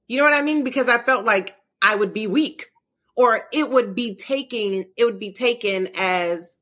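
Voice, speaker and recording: A woman's voice: on the high side, normal speed, sharp tone. A woman co-hosting a podcast in casual chat, blunt and tough-talking, swearing freely and acting out what she said to others. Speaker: podcast co-host.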